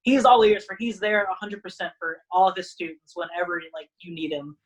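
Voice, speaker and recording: A woman's voice: fairly low pitch, brisk, low-quality recording. Rambling woman wrestler guest. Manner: rambling, many "like" fillers; acts out others' lines in animated voices. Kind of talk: casual podcast chat.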